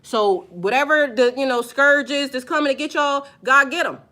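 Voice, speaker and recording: A woman's voice: high voice, moderate pace, pushed and bright. A woman who works as a spiritual life coach, talking casually and bluntly to viewers, emphatic and profane, stretching out her stressed words. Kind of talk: casual unscripted video talk to viewers.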